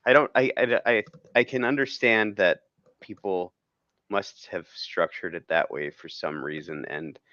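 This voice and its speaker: A man's voice: a bass voice, pushed and bright, no echo. A man talking casually as a podcast guest, rambling and laughing often. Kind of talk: casual chat. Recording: dull, dry lo-fi sound.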